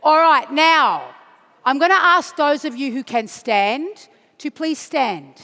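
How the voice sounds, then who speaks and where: A high, bright-voiced woman works a big conference crowd, unhurried and playful. She jokes with the audience, then rises into rousing shouts as she counts them in. Her voice rings through a long, echoing hall. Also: expressive. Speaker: chant leader at a union congress. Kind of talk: leading a crowd chant and dance. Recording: echoey large hall.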